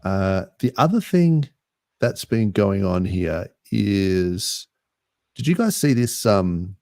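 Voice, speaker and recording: A man with an Australian accent co-hosting a casual podcast chat, relaxed and rambling with easy laughs. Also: low voice, slow pace, dry recording, studio quality. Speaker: podcast co-host.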